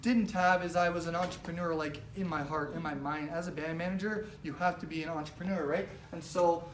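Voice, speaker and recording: A woman giving an animated, casual storytelling talk with lots of fillers, speaking as a presenter at a business training. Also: fairly low pitch, a little fast. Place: event room with a live audience. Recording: roomy, distant mic, faint background noise.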